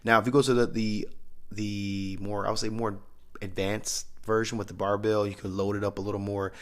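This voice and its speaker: A man's voice: fairly low pitch, flat delivery, normal speed, a bit bright. A man talking as a strength coach, explaining training methods in a loose, conversational way. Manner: conversational, loose, with restarts and asides. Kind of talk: casual instructional talk.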